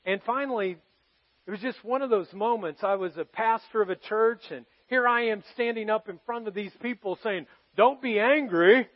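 A male pastor preaching a sermon, telling personal stories earnestly and moving between loud emphasis and hushed moments. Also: high voice, moderate pace, highs cut off. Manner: earnest, confessional storytelling to a congregation, swinging from loud to hushed.

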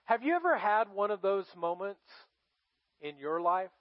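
A man's voice: sits high, very animated, moderate pace, no room sound. A man preaching a sermon as pastor, telling the story in a dramatic, emphatic way. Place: church. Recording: dry, dull lo-fi sound.

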